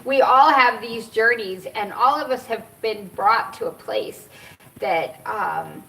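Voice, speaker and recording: A woman's voice: fairly high pitch, slow pace, vocal fry, bright, forceful tone, a little hiss or hum. A middle-aged woman vlogging outdoors, telling a rambling personal story with emotion and frequent laughs. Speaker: cannabis and cancer vlogger. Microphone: camera set up nearby. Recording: distant outdoor camera mic.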